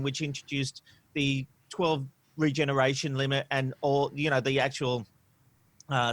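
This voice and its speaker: A man co-hosting a podcast, talking in an opinionated, animated way with frequent "you know" and "um". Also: medium pitch, no room sound. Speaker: podcast co-host. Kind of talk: casual podcast discussion. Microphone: studio microphone.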